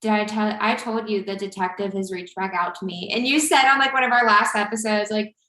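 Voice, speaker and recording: A woman's voice: mid-range voice, fairly even intonation, a little fast, sharp tone. A woman in her twenties, co-hosting a podcast and telling a dating story in a chatty way, full of "like.". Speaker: podcast co-host. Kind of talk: casual chat. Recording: roomy echo.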